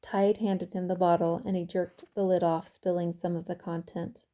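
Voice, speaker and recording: A woman author reading her own novel aloud in calm, even audiobook narration. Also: on the low side, normal speed.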